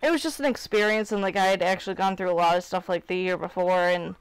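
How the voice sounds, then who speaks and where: A woman's voice: on the low side, steady tone, fast, clear, resonant tone, no echo. A woman in her twenties from Illinois, hosting a live stream in casual chat. She rambles candidly and fills her talk with "like" and "you know what I mean". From Illinois, United States. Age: 20s. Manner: rambling, filler-heavy, candid.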